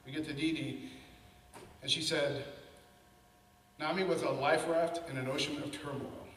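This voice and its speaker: A man's voice: a little high, normal speed, distant mic. Casual talk, man in his 50s, chatty speaker voice, echoey hall with a faint hiss. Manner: conversational, animated storyteller. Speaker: panel speaker. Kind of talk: personal storytelling talk.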